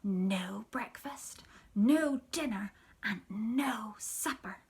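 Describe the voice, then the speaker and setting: A woman voicing a shy little girl in a children's storybook reading, speaking slowly in a tiny, quiet voice. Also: mid-range voice, lively intonation. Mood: sad. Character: small shy girl, hungry and sad.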